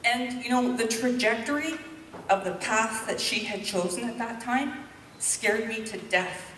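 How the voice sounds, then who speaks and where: Woman in her 50s giving a candid, heartfelt talk; higher voice, roomy hall, distant mic. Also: a bit bright, slight background noise. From Canada. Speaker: public speaker. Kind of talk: personal talk to an audience.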